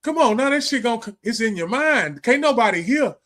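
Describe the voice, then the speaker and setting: A man's voice: very high-pitched, lively intonation, fairly quick, a bit bright. A man, hosting a livestream and giving a casual, preachy monologue full of slang, profanity and repetition. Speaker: livestream host.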